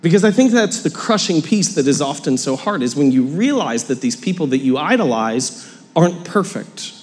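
A man's voice: on the high side, sing-song, moderate pace. A young man preaching a sermon, telling a story with self-mocking humor. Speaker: pastor. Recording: hall reverb.

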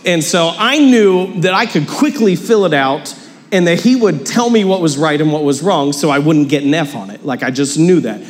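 A man's voice: a little high, animated, normal speed. A young man preaching a sermon, telling a story with self-mocking humor. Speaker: pastor. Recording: hall reverb.

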